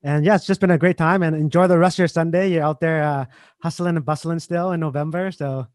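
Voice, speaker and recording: A man's voice: on the high side, fast, dry recording. Laid-back male interview host, dry mic. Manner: relaxed, filler-heavy talk. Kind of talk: casual interview chat.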